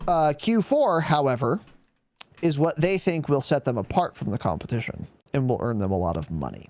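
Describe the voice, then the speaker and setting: A man's voice: medium pitch, darkish tone, dry recording. A man co-hosting a gaming podcast in casual chat, sarcastic and swearing freely as he mocks corporate statements. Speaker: podcast co-host.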